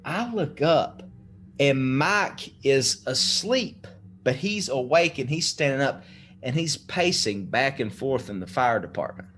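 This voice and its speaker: Lively animated male storyteller. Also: medium pitch, unhurried. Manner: animated, swearing, laughing storyteller. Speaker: podcast guest. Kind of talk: casual storytelling.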